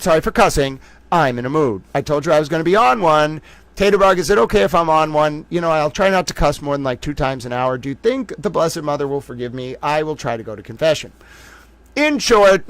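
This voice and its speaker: A man with a fairly high voice hosts a livestream, bantering with viewers by name in a jokey, animated way. The sound is dry and close, with no room in it. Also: no echo. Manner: animated, jokey, calls himself a little towel; talks to chat viewers by name. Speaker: livestream host. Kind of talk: casual livestream chat.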